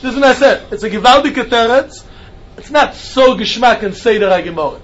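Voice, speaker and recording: A man giving an animated Talmud class lecture, mixing Hebrew and Yiddish terms into his English. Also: very high voice, fairly quick. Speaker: Talmud teacher. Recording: dull lo-fi recording with faint noise.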